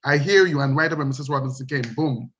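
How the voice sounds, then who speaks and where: A man's voice: on the high side, quick pace, fairly bright tone, a little hiss or hum. A man in his sixties with a Jamaican accent, hosting an interview in an encouraging, preacherly way. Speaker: host. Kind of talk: interview talk.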